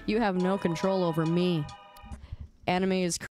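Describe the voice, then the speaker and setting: A young adult woman streamer chatting casually on a live stream, playful and excitable, quick to laugh. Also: fairly low pitch, soft background music. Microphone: desk microphone.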